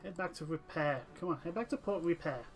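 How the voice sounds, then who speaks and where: A man's voice: a little high, brisk, soft background music. A man commentating a strategy game let's play, talking to his units and to the nations in the game and getting exasperated with them. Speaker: gameplay commentator.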